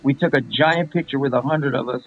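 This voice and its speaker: A man's voice: medium pitch, a little fast, slightly rough, phone-quality sound, soft background music. A man, a rapper guest, talking casually and animatedly, repeating himself and calling the host "bro". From Los Angeles area. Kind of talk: casual interview chat.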